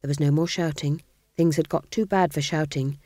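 A woman reading a comic fantasy novel aloud as audiobook narrator, wry and measured, close to the mic. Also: low voice, fairly even intonation, mellow, dry recording.

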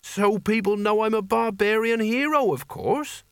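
A man's voice: sits high, measured pace, fairly bright tone, smooth, no room sound, studio quality, pitched above the performer's own voice. A man reading aloud, voicing a gangly, naive young man who earnestly wants to be a barbarian hero, in a raised voice. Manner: eager, earnest and chatty.

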